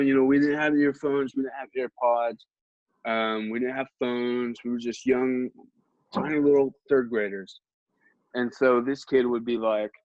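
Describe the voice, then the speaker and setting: A young podcast host with a mid-range voice casually tells a rambling, funny story at his own expense, poking fun at himself. The recording has no echo but sounds dull and lo-fi.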